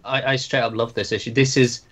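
A man's voice: mid-range voice, flat delivery, brisk, a bit bright. A man co-hosting a casual comic book podcast, giving blunt, emphatic opinions. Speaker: podcast co-host.

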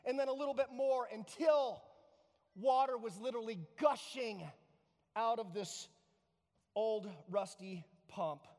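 A pastor giving a sermon, telling a story in an animated way and repeating words for effect. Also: male voice, very high voice, unhurried, big-room sound.

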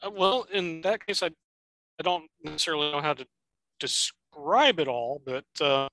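Dry-witted man with a bright voice. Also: on the high side, lively intonation, moderate pace, no room sound, rough recording. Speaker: podcast co-host. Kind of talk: casual chat.

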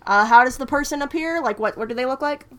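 Brief: woman player, casual and curious, higher pitch, bright tone. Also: fast talker. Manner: inquisitive, casual. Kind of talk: tabletop game play.

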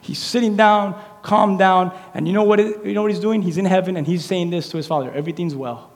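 A man preaching a sermon in a church, animated and conversational, acting out little quotes as he goes. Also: sits high, a little fast. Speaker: pastor. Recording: echoey hall reverb.

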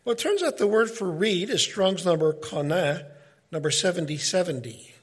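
A middle-aged man giving an informal Bible teaching, talking in a conversational, animated way and often breaking off mid-sentence. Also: high-pitched, normal speed, breathy edge. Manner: conversational, animated, self-interrupting.

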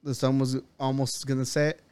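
A man's voice: mid-range voice, monotone, normal speed, darkish tone, clear, resonant tone, dry recording. A man, a podcast co-host, telling a long story in casual chat, rambling, swearing and quoting himself and others.

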